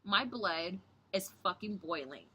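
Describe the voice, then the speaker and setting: A woman's voice: expressive, unhurried, sharp tone, husky. A young woman from Southern Ontario giving a rambling, profane review of a wrestling show, keeping her voice down so she doesn't wake the house. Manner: talks low to avoid waking others. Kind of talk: casual vlog review.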